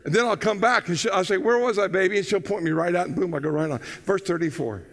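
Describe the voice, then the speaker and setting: Older male pastor, high-voiced, excitable storyteller. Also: quick pace, vocal fry. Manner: excitable, loud bursts, folksy storytelling. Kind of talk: sermon.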